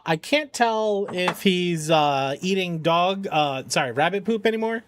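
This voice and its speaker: A man's voice: high-pitched, lively intonation, normal speed, hardly any pauses, dry recording. A man streaming games for charity, chatting casually with viewers and his dog. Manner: chatty, talks to his dogs and chat. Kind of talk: casual live-stream chat.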